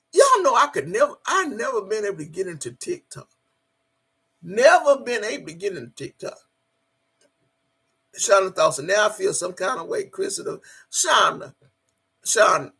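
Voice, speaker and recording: A woman's voice: medium pitch, gravelly, sharp tone, slightly rough. A middle-aged woman hosting a casual livestream, reading out the chat and talking straight to viewers, emotional and swearing freely.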